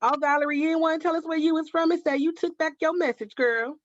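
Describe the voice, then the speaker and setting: This woman hosts a craft livestream from Oakland, California, chatting casually through viewer comments and calling people "baby" and "girl." She speaks at a quick pace in a voice that sits high, with fairly even intonation. The audio is dry and slightly dull, with no echo.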